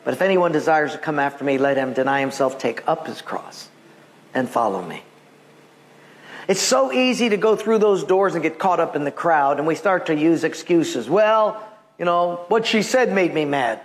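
A man preaching as a pastor, telling animated personal stories and acting out the voices of the people in them, laughing often. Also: fairly high pitch, moderate pace. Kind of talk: sermon with storytelling.

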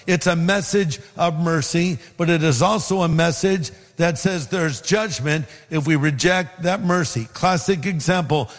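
High-voiced preacher in a reverberant hall. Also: male voice. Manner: earnest, slows to stress scripture. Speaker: pastor. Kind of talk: sermon.

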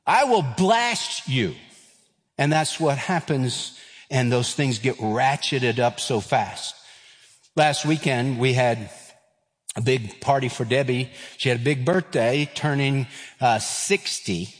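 A man's voice: mid-range voice, slow. A man, preaching a sermon and telling stories, acting out the voices of the people in them. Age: 50s. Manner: animated, acts out quoted voices. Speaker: pastor. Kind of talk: sermon with storytelling. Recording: long reverb of a large hall.

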